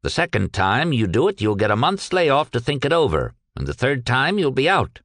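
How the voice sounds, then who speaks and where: A man's voice: medium pitch, big pitch swings, moderate pace, fairly bright tone, dry recording, studio quality, voice pushed up. A man reading aloud and voicing a shrewd, genial retired old businessman who talks in a purring, folksy way. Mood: stern.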